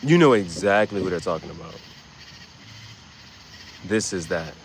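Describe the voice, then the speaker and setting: A man talks through a livestream in a loose, slangy, rambling way, now and then jumping into loud, excited bursts. His voice sits low, and he takes his time between thoughts. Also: measured pace, a little hiss or hum, low-quality recording. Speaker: livestream host. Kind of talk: casual livestream commentary.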